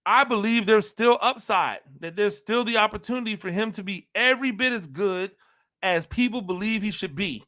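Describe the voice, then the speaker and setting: A man delivers an animated football talk monologue in a high, bright voice. He hammers his points home by repeating phrases and keeps throwing rhetorical questions at his listeners. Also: moderate pace. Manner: emphatic, repeats phrases for emphasis; talks to listeners directly, asks rhetorical questions. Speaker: football analyst host.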